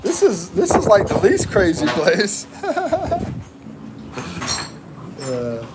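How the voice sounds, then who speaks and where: An American man hosts a relaxed livestream, reading viewer comments aloud and laughing often. His talk is slow and drawn out, a little higher than most men. Steady background noise and passing vehicles sit behind him. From United States. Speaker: livestream host. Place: living in the Philippines.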